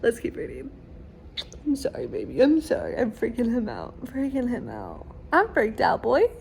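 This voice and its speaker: A woman's voice: a little high, huge pitch swings, moderate pace, gravelly, a little mellow, roomy sound, a little hiss or hum. A woman book vlogger reacting emotionally as she reads at home, laughing and near tears while talking to herself and the camera. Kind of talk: emotional reading vlog reactions.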